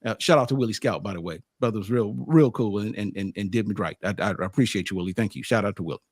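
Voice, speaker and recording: A man, the show's publisher, casually telling a story about his trip to a college football game, with lively asides and frequent stammered restarts. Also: lowish voice, fast, no room sound, studio quality. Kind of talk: casual storytelling on a sports show.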